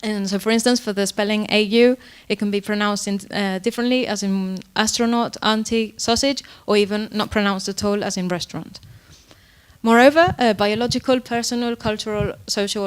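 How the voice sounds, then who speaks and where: A woman lecturer presents to an audience in a clear, smooth voice. She explains at an even pitch, often pausing on fillers and correcting herself mid-sentence. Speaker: university lecturer. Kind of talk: academic presentation.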